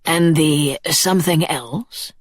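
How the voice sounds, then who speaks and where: A woman reads a chilling male monster lord from a dark fantasy audiobook, low-pitched and slow. He speaks with icy, measured politeness, never raising his voice. The recording is dry and close. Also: dry recording. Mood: menacing calm. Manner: slow, quiet, coolly polite. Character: cold, menacing male monster lord, unhurried.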